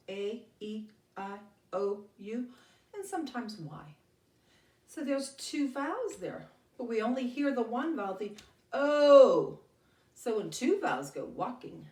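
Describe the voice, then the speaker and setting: A woman teacher reading a picture book aloud to a class and explaining vowel sounds, with animated, expressive delivery. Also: on the high side. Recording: roomy sound from a distant mic.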